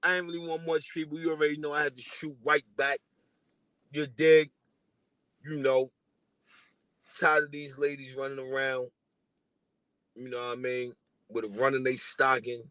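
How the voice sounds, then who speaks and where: A man's voice: mid-range voice, little pitch movement, moderate pace, pauses often, a bit bright, clear, resonant tone, dry recording. A man from New delivering a casual, profane diss rant at a rival, taunting and repeating himself.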